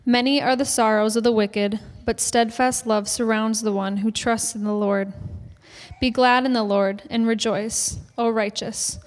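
A woman reading scripture aloud in a measured, solemn way. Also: on the high side, steady tone. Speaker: scripture reader. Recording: reverberant church hall.

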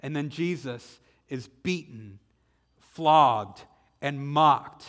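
A man with a Southern US accent preaching a sermon, retelling the story dramatically and slowing down for emphasis. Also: fairly high pitch, fairly bright tone. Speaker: pastor. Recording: echoey hall with long reverb.

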